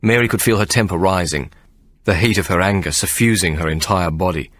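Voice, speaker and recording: A man narrating an audiobook with measured, expressive storytelling. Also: low voice, no echo. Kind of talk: scripted narration.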